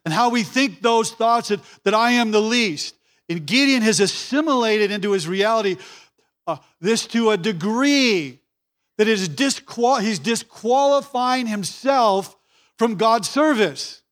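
A man's voice: high-pitched, animated, measured pace, a bit bright. A man pastor preaching a sermon in a church, repeating key phrases for emphasis and acting out the voices he quotes.

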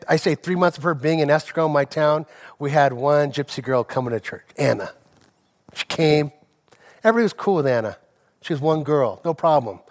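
Impassioned pastor preaching, man. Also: a little high. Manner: personal storytelling, rising to impassioned preaching. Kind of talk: sermon.

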